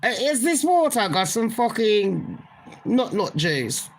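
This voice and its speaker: A woman's voice: on the high side, sing-song, takes it slowly, slight background noise, low-quality recording. A woman giving a blunt, swearing, incredulous gossip commentary as a vlogger.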